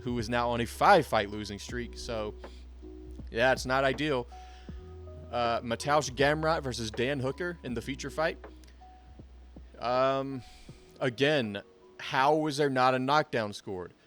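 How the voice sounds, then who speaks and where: Young male fight commentator, casual and profane, mid-pitched voice, faint music bed. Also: measured pace, fairly bright tone. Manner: blunt, profane and opinionated. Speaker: MMA commentator.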